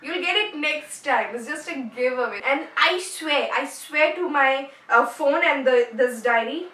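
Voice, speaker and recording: A woman's voice: sits high, measured pace, pushed and bright, a little hiss or hum. A young woman with an Indian accent, chatting playfully to camera as a YouTuber and mixing in Hindi words. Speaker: YouTuber announcing a giveaway winner. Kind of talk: casual vlog talk to camera. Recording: echoey room, camera at a distance.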